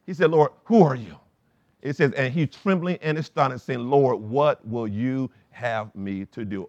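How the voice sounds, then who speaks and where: Speaking a little slowly in a slightly mellow, medium-pitched voice with no echo, a pastor delivers his sermon. He invites the congregation to answer back and reads passages of scripture aloud between his points.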